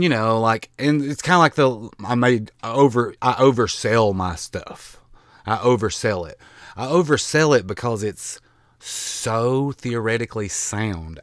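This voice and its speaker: Clean, dry studio sound carries this vlogger's fairly low, slightly bright voice and Southern accent. A man from the American South, he chats loosely to camera, wandering, running himself down, restarting a lot and swearing a little.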